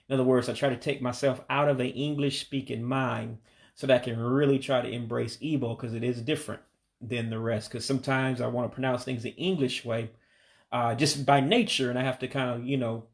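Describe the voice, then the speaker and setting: A man leads a patient pronunciation lesson, saying each word slowly several times. His voice has a gravelly, creaky edge and sits at an ordinary pitch. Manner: patient, repeats words slowly. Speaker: language learner teaching vocabulary.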